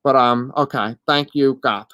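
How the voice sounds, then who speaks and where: Live-stream reader, deaf accent, halting and apologetic, smooth clear tone, dry close sound. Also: medium pitch, a bit bright, dry recording. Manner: halting and apologetic, many fillers. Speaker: host giving live spiritual readings. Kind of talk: live-stream reading, answering chat questions.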